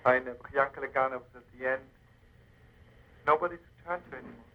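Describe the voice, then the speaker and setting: On the radio, a male storyteller tells a Hasidic tale, calling his listeners friends and adding chuckles and emphasis. His medium-pitched voice is brisk with frequent pauses, and the sound is lo-fi.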